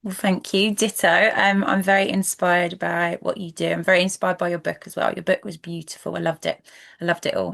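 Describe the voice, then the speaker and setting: A woman with a Brighton accent, a guest coach in a podcast interview, speaking softly and hesitantly with many fillers. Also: fairly low pitch, gravelly. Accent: Brighton English. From England.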